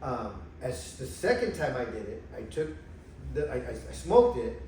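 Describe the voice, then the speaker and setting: A man telling a personal story in a casual conversation, animated and emotional, acting out the voices of others. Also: mid-range voice, normal speed. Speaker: guest telling his spiritual experiences. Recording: echoey room, far from mic, faint noise.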